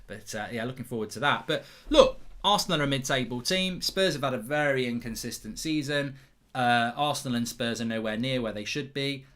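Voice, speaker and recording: A man's voice: mid-range voice, fairly quick, a bit bright. A man hosting a live football watchalong, chatty and teasing, reading out viewer comments with lots of stammered restarts.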